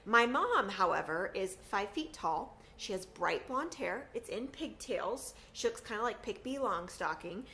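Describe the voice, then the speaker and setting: A woman's voice: unhurried, hardly any pauses, a little hiss or hum. A woman performing a personal story, acting out the voices of the people in it. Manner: animated, acts out quotes with big pitch swings.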